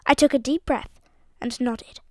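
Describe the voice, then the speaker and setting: A woman with a fairly high voice reads a story aloud with expressive, lively delivery. The sound is close and dry, with no room around it. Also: unhurried, no room sound. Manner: expressive, voices each character. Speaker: audiobook narrator. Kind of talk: storytelling narration.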